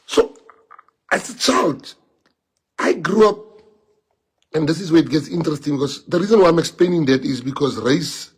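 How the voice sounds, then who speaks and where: A man's voice: a little high, normal speed, long pauses, slightly rough. A man from South Africa, a native Afrikaans speaker, talking in an impassioned live stream monologue with many rhetorical questions. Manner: impassioned, rhetorical questions, swings from quiet to loud. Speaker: livestream speaker.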